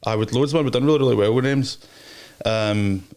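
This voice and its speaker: A man's voice: mid-range voice, brisk, a little mellow. A young Scottish man, a DJ and promoter, telling rambling, slangy anecdotes as an interview guest. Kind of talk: casual interview chat.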